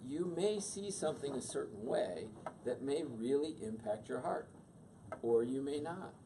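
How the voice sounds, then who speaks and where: Middle-aged male teacher, lively pitch, acts out voices; distant mic, faint room hum. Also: unhurried. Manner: animated, acts out quoted voices. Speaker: teacher leading a class on emotions. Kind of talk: classroom teaching with questions to the audience.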